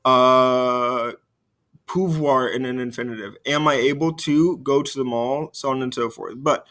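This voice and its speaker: A man in a middle register talks through a French grammar lesson for video. He speaks patiently, uses plenty of fillers, and slows right down when he models each French example. His voice fades softly at the ends of phrases. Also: medium pitch, fairly even intonation. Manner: frequent fillers, trails off quietly at phrase ends. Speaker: French teacher.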